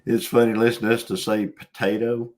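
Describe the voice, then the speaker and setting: A man's voice: medium pitch, level tone, fast talker. A man joining a casual livestream chat as a guest, laid-back, laughing often and drawing out words.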